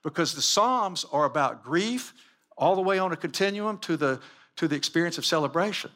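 A man's voice: on the high side, lively intonation, a little fast, a bit bright. A man giving a sermon-style teaching with slides, emphatic and full of repeated rhetorical questions. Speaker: Christian teacher.

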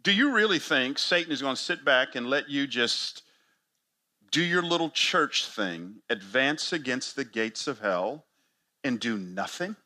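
A man's voice: animated, unhurried. A man preaching a sermon to church planters, emphatic and full of rhetorical questions. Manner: emphatic, rhetorical questions, big swings in pitch and loudness.

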